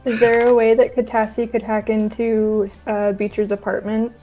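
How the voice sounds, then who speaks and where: A woman playing a tabletop game, offering ideas in a tentative way. Her voice is fairly high but flat, coming through a dull, lo-fi recording with faint music behind. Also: moderate pace. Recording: dull lo-fi sound.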